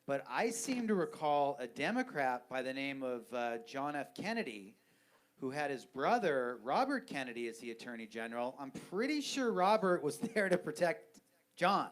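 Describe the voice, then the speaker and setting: A man's voice: mid-range voice, sing-song, normal speed. A man from Southern California hosts a loose podcast conversation. He rambles, restarting his sentences as he works out his point. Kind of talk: casual podcast chat.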